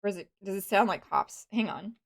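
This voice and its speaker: A woman streaming a game, chatting casually and rambling with many fillers and restarts, with excited bursts and soft, muttered asides. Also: medium pitch, brisk, creaky. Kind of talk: casual live-stream chatter while playing.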